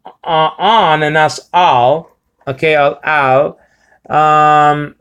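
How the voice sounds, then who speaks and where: A man gives an informal language lesson in a slightly higher voice. He halts often, fills gaps with filler words and restarts his sentences. He slows right down to spell out and sound out each word. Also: fairly even intonation, fairly bright tone, smooth, muffled recording. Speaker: Bible language teacher.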